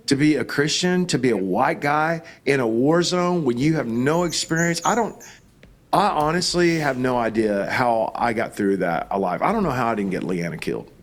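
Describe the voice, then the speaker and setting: Animated male pastor telling stories. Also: medium pitch, normal speed. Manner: animated, acts out quoted voices. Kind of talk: storytelling in an interview.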